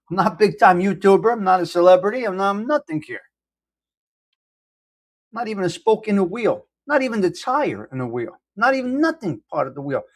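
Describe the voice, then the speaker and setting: A man's voice: sits high, sing-song, brisk. Rambling New man chatting live. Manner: rambling, self-deprecating, greets chat by name. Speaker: host of a live coffee talk stream. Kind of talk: casual live-stream chat with viewers. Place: indoors at home.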